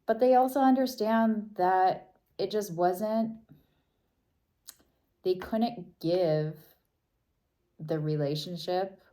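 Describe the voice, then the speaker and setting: A woman giving a casual tarot reading, talking in a soft, thoughtful way and often trailing off and restarting. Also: mid-range voice, slow, pauses often. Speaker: tarot reader.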